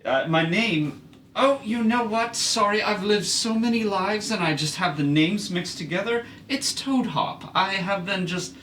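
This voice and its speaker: A man's voice: sits high, unhurried, fairly bright tone, echoey room, slight background noise, pitched above the performer's own voice. A man voicing an absent-minded, overly polite old male wizard in a tabletop game. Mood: flustered.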